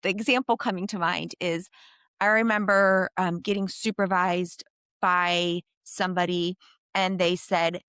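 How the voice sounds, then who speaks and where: A woman geropsychologist answering interview questions in a thoughtful, animated way, with frequent fillers. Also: lowish voice, measured pace, clean tone, no echo, clean studio sound. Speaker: geropsychologist guest.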